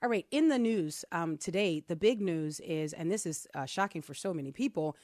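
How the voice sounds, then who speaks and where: Co-host, middle-aged woman, low-pitched, animated storyteller, recorded dry and close. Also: moderate pace, no room sound. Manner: animated storyteller, lively quoted voices. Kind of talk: casual chat.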